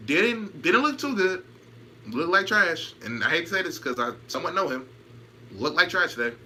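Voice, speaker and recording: A man's voice: on the high side, sing-song, moderate pace, pushed and bright, slight background noise. A man in casual chat on a stream, trash-talking, laughing and repeating himself while answering comments.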